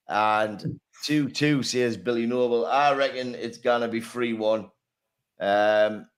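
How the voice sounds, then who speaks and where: A man hosting a casual football chat, laughing often and swearing freely as he reads out predictions. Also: lowish voice. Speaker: podcast host.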